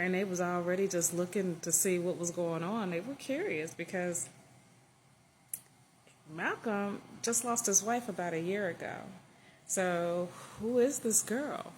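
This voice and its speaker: A woman's voice: fairly low pitch, unhurried, a little hiss or hum. A woman telling her own written story in a casual, chatty way, with loose asides.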